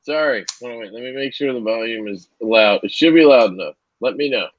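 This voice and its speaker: A man's voice: mid-range voice, brisk, noisy background. A man hosting a casual livestream, reading viewer comments aloud and laughing often. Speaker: livestream host. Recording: dull lo-fi audio.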